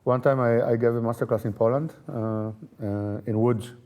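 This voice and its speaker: Mellow-voiced male festival director. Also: medium pitch, steady tone, moderate pace. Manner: thoughtful, with frequent fillers and repeated words. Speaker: festival artistic director and pianist. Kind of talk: interview answers.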